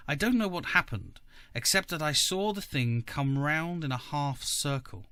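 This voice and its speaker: A man, a podcast co-host, reading a story aloud in measured first-person narration. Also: on the high side, animated, pushed and bright, clean tone, no room sound. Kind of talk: audiobook reading.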